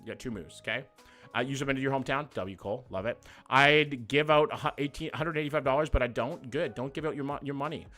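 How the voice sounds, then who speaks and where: A man's voice: medium pitch, quick pace, pushed and bright, soft background music. A young man hosting a livestream, reading viewer comments in loose, profane, joking banter. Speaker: livestream host. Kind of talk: casual live chat reading viewer comments.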